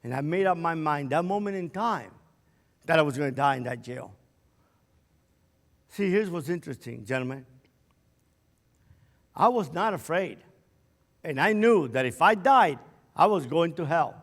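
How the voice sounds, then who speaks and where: A man in his sixties giving a keynote talk on a conference stage, telling his life story and building to forceful preaching. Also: fairly high pitch, animated, normal speed, pauses often. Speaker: keynote speaker. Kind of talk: impassioned testimony speech. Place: conference stage in a large hall. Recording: long hall reverb.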